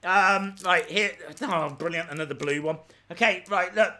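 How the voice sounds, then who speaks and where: A man's voice: sits high, moderate pace, few pauses, sharp tone. A man hosting a live reaction stream, teary with a runny nose, talking in dramatic, exasperated outbursts.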